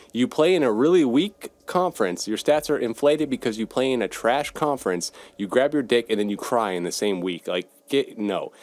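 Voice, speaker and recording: A young man hosting a solo sports podcast, giving blunt, profane opinions on football. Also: fairly low pitch. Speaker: podcast host.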